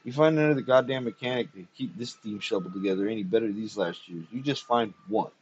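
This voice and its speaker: A man reading aloud, voicing a gruff, blunt, swearing male robot mechanic in a husky voice. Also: on the low side, fast talker, a little hiss or hum, close to an everyday voice. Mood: exasperated. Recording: dull lo-fi recording.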